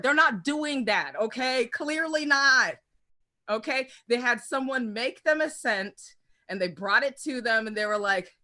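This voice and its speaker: A woman performing a brash, profane stand-up comedy set with animated storytelling. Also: fairly high pitch, unhurried.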